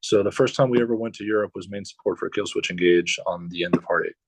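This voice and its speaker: Man, low voice, rambling tour stories, swears a lot, dry close sound. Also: fast talker, no room sound, rough recording. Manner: rambling, swears often, many fillers. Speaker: musician guest. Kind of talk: casual storytelling.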